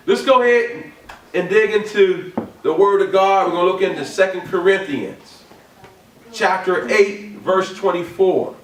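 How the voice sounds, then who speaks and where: A man preaching a sermon, repeating his points with emphasis and building up to shouts. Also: high voice, unhurried, slight background noise. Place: church or ministry hall. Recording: echoey room from a distant mic.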